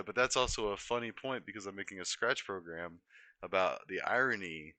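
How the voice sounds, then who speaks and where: A man's voice: sits low, brisk, pushed and bright, no room sound. A young man from Colorado chatting casually on a live stream, rambling and easily sidetracked as he corrects himself. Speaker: livestreamer.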